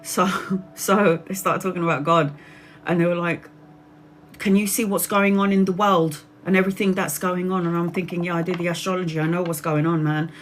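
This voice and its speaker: A woman's voice: lowish voice, steady tone, brisk, a little hiss or hum. A woman from Brazil, a tarot reader telling personal stories on a livestream in a chatty way, laughing often and acting out other people's voices. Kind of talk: casual personal storytelling.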